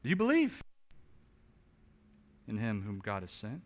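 A man preaching an expository sermon as pastor. He talks conversationally with small restarts, builds to loud emphatic peaks and then drops back quiet. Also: fairly low pitch, huge pitch swings, unhurried.

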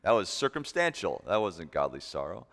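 A man preaching a sermon, emphatic, shifting between loud stressed points and soft asides. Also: deep voice, sing-song, normal speed. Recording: long reverb of a large hall.

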